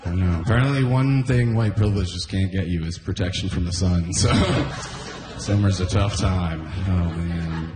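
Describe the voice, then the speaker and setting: A man's voice: low voice, normal speed, echoey room, very noisy. A young man from Canada doing a stand-up routine, laughing at his own jokes as he goes. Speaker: stand-up comedian.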